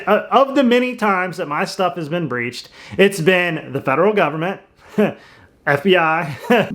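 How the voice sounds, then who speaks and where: A man's voice: high voice, fairly bright tone. A man hosting, giving casual commentary and laughing between points. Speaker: host.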